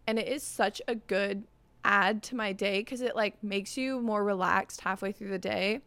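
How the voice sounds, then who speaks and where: A woman's voice: mid-range voice, normal speed, vocal fry, a bit bright, clear, resonant tone, no room sound. A young woman hosting a solo podcast, talking in an upbeat, chatty way and saying "like" constantly. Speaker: podcast host. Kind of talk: casual solo podcast chat.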